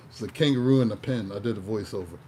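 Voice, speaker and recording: A tarot reader with a lowish, mellow voice talks fast over faint background music. His casual reading drifts into a profane, joking rant, told in a loose, digressive storytelling style before returning to the cards.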